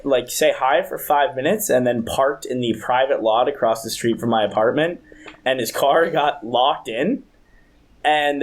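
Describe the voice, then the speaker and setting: A young man in his twenties co-hosting a podcast, telling a rambling, profane story in casual chat. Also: mid-range voice. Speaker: podcast co-host.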